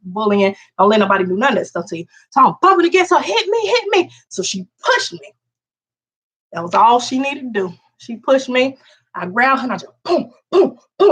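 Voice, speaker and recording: A woman's voice: fairly high pitch, husky. A woman vlogger telling a story casually, acting out quotes in a raised voice. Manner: animated, acts out quotes in raised voice.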